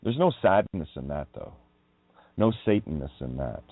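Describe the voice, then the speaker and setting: A man's voice: very deep voice, big pitch swings, normal speed, no echo. A man hosting a radio show, talking through a wandering, emphatic monologue on word meanings and swearing when riled. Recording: tinny phone-like line.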